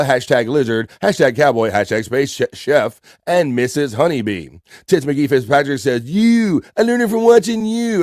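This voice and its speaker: An upbeat man with a US East Coast accent hosts a casual livestream. He reads chat messages aloud and greets viewers by name in a voice of middling pitch. The sound is dry and close, with no room echo. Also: darkish tone. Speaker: livestream host.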